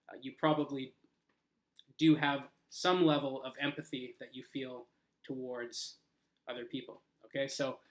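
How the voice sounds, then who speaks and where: A man's voice: mid-range voice, fairly bright tone, echoey room. A man teaching English live, reading viewers' sentences aloud and patiently explaining how to rephrase them. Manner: reads out viewer comments and corrects them patiently. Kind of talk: live online lesson.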